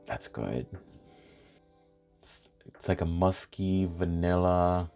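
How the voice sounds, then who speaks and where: A man chatting casually while unboxing and reviewing fragrances, animated and thinking aloud with lots of fillers. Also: deep voice, takes it slowly, soft background music.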